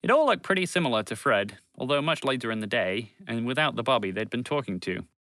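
A man narrating a children's story in an expressive, warm reading voice. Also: mid-range voice, fast talker, no room sound.

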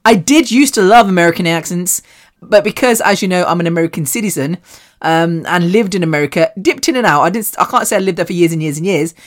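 A woman's voice: on the low side, fast. A British woman hosting her own podcast, talking to listeners in a candid, rambling, self-mocking way with casual swearing. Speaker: podcast host. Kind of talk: candid solo podcast monologue.

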